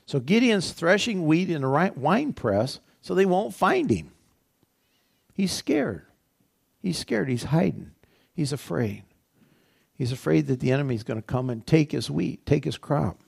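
A man's voice: fairly high pitch, sing-song, unhurried, gravelly, breathy edge. A male pastor giving a sermon in a conversational way, repeating phrases and asking the congregation rhetorical questions. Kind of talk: sermon teaching.

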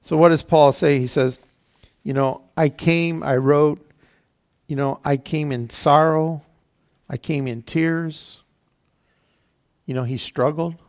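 A man's voice: fairly high pitch, fairly even intonation, slow, long pauses. A man preaching as pastor, reading scripture aloud and then explaining it plainly, often repeating phrases and saying "you know". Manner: laughs at his own slips. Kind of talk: sermon.

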